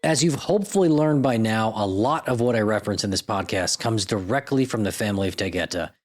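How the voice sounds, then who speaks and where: A man's voice: fairly low pitch, a little fast. A man hosting a podcast in a sarcastic, self-deprecating comedic monologue, swearing freely. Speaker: podcast host.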